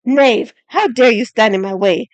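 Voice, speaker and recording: A woman voicing a brash, arrogant male knight in an audiobook, who speaks loudly and slowly with a snarl. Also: medium pitch, expressive, no room sound, natural voice. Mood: scornful. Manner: loud, slow, snarling.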